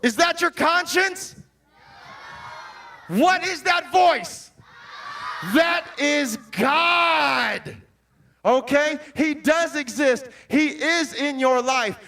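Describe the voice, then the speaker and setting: A man with a very high, bright voice preaches to a young crowd as a Christian motivational speaker. He calls out questions and breaks into shouts, and he is picked up from well back from the mic. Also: slow, recorded from a distance, slight background noise. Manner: bursts into shouts.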